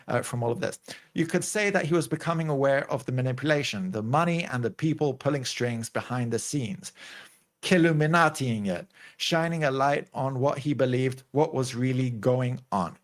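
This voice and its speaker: A man hosting a show, talking in casual commentary and reaction, rambling with lots of likes and restarts. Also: medium pitch. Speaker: host.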